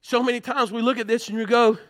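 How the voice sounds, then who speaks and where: A man pastor, preaching a sermon from a church pulpit. He tells stories earnestly and swings between loud and hushed. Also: very high voice, flat delivery, quick pace.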